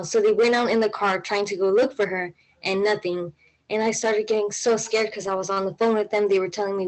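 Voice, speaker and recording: A woman's voice: mid-range voice, steady tone, fairly quick, poor audio. A young woman telling a personal story on stage, in a casual way with many fillers and an anxious tone. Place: stage at a live event.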